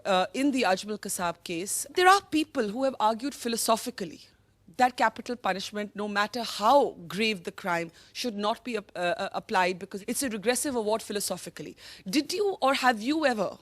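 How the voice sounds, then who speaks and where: A woman, moderating a televised panel debate with articulate, measured questions. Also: medium pitch, no room sound. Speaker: host.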